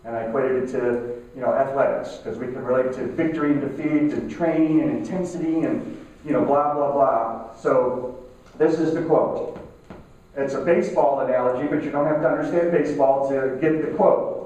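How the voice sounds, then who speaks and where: A middle-aged man giving a motivational talk to a live audience, conversational, repeating himself and slowing down to stress key lines. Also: medium pitch, steady tone, darkish tone. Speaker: keynote speaker. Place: conference room at a networking event. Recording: echoey room, mic from far off.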